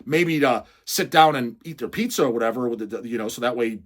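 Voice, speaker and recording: A man's voice: medium pitch, a little fast. A man hosting a metal channel, reading out viewer questions and answering them in a blunt, mocking, heavily profane rant. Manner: swears constantly, mocking and blunt.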